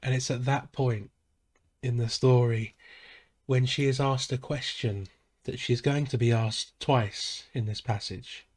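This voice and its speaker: A man preaching a sermon as a pastor, measured and solemn, pausing softly between phrases. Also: medium pitch, fairly even intonation. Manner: slow, measured and solemn, with soft pauses.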